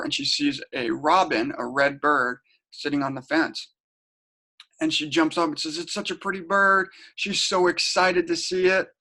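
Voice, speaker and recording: A middle-aged man with a slightly raised pitch talks through a casual home webinar. He tells stories in a loose, chatty way, often doubling back on his words. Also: fairly bright tone. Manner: chatty, storytelling, repeats and restarts words. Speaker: webinar presenter. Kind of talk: casual teaching talk. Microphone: home webinar setup.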